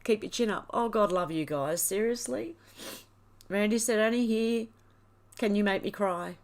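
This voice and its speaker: A woman's voice: medium pitch, moderate pace. Tearful woman reading live comments. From Australia. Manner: emotional, tearful, reads viewer comments aloud. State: crying. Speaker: livestream host. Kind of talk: casual live chat, reading comments aloud.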